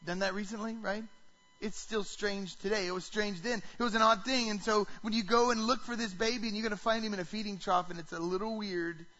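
A man preaching a sermon to a congregation, animated, often asking the listeners questions. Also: high voice, fairly quick, dull audio. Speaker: pastor.

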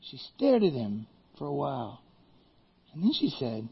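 A man preaching a sermon as pastor, telling Bible stories in a lively way and acting out the characters. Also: medium pitch, a little slow, gravelly, long pauses, husky, lo-fi sound.

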